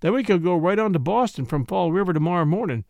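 A cheerful young man in a storybook coaxes his sweetheart along, teasing her, as a narrator voices him, in a fairly high, lively voice. The reading is close and dry. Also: fast talker, gravelly, dry recording. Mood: coaxing. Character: cheerful young man eloping, eager and coaxing.

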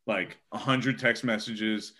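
A man's voice: lowish voice, steady tone, slow pace, pushed and bright. A man, a sports reporter, telling a story casually and rambling with lots of filler words.

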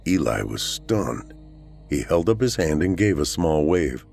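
A man reading a horror story aloud as the show's narrator, in a measured storytelling manner. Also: a bass voice, darkish tone.

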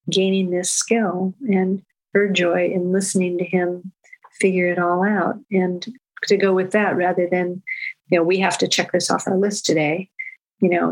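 Older woman explaining parenting stuff, calm and steady, pretty flat tone. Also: on the low side, low-quality recording. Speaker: parenting educator. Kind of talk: interview answer, storytelling.

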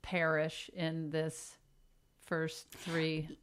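A woman comedian co-hosting a casual podcast, teasing with a dry, deadpan manner. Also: deep voice, very slow, clear, resonant tone. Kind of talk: casual chat.

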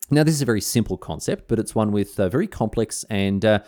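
A young Australian man narrates a history podcast with a fairly low voice. His pitch swings widely as he explains, and he slips into jokey slang asides. The delivery is scripted but relaxed. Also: quick pace. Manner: lively, jokey, mock-outraged asides with slang.

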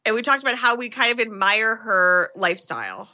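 A woman's voice: fairly high pitch, a little fast. A woman co-hosting a podcast, animatedly recapping a horror movie in casual chat, full of "like" fillers. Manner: animated storyteller, lots of "like" fillers. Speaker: podcast co-host.

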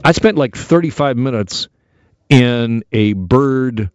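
A man's voice: mid-range voice, expressive, slow pace, smooth, no room sound, lo-fi sound. A middle-aged man, hosting a talk radio show in a jokey, theatrical monologue.

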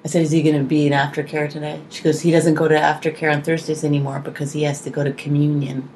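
A woman with a low voice co-hosts a comedy podcast. She tells family stories quickly and mimics her daughter's lines. Faint room noise sits behind her. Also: flat delivery, darkish tone, rough recording. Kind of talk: casual comedic chat.

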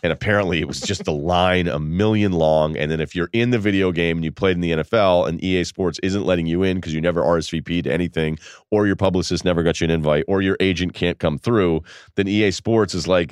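A man's voice: low-pitched, quick pace, smooth, dry recording, studio quality. A man hosting a podcast, telling a story casually, laughing and quoting people as he goes. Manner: animated, laughing, quotes people in voices. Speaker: podcast host.

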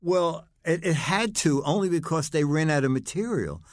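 An older man, a guest in casual chat, telling lively anecdotes. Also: a little high, normal speed, no echo, clean studio sound. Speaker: guest, comedy writer.

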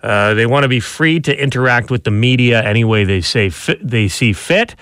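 A man's voice: medium pitch, expressive, normal speed, fairly bright tone, clear, resonant tone, dry recording, studio quality. A man co-hosting a casual radio chat about celebrity news, telling stories in a chatty, building way. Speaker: radio co-host.

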